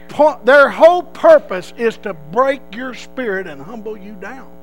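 A man's voice: high-pitched, animated, unhurried, few pauses, low-quality recording. A man from Texas with a Texan accent, telling a personal story in a rambling way with frequent restarts. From Texas, USA.

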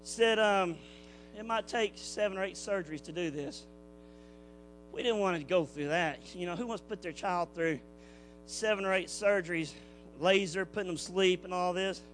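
High-voiced preacher testifying fervently. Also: male voice, moderate pace, fairly bright tone, soft background music. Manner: fervent, folksy, preacherly cadence. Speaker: church speaker giving testimony. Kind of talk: Pentecostal testimony sermon. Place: church building.

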